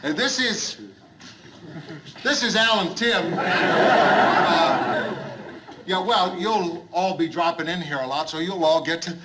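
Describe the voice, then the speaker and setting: An actor playing a gruff middle-aged bar owner who forces himself to be hearty and jovial, repeating his greetings in a 1970s studio sitcom. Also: high voice, slow pace, pauses often. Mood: forced cheer. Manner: overly hearty, repetitive greetings. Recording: hissy old TV soundtrack.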